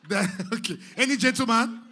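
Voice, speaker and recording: A man's voice: extremely high pitch, measured pace, sharp tone. A man with a Nigerian accent working as master of ceremonies at an indoor party, hyping the crowd with playful, sing-song pidgin banter.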